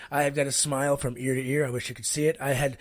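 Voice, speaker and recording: A man co-hosting a podcast in casual chat, excitable and stammering as he rambles. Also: mid-range voice, quick pace, no room sound. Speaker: podcast co-host.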